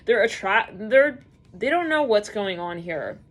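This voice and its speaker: A woman giving a rambling, chatty tarot reading, full of fillers and quick acted-out quotes. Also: mid-range voice, lively intonation. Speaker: tarot reader. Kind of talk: casual tarot reading monologue.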